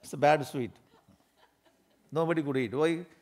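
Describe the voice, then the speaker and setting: A man's voice: a little high, moderate pace, darkish tone. A man with an Indian English accent giving a spiritual discourse, telling funny everyday stories, laughing often and acting out little scenes.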